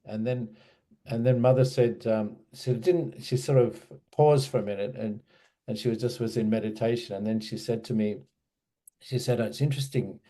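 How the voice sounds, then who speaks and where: A man recounts a past experience in a rambling, hesitant style full of fillers. His voice is mellow and relaxed, sitting in a middle pitch. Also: normal speed. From Australia. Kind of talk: casual spoken recollection.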